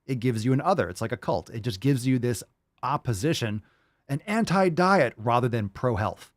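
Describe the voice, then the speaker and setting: A man's voice: mid-range voice, animated, moderate pace, no room sound, studio quality. A man hosting a podcast, reacting to clips with mocking, profane commentary and sneering mimicry. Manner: mocking, swears constantly, mimics in sneering voices. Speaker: podcast host reacting to videos.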